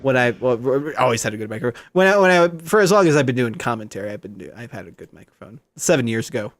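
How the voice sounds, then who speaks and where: A man's voice: medium pitch, quick pace. A young man streaming live, chatting casually and joking, laughing often. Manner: lively, jokey, laughs often. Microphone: good microphone.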